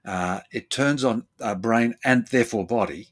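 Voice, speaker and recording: A man who works as a therapist, explaining his ideas in relaxed conversation. He often acts out other people's lines with sudden jumps in pitch and thinks aloud with fillers and repeated words. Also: moderate pace. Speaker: therapist and guest.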